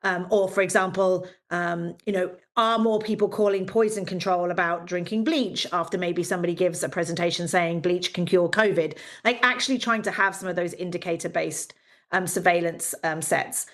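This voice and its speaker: A woman's voice: on the low side, normal speed. Woman, lecturer, academic talk, conversational, fillers, quoted asides, middle-aged.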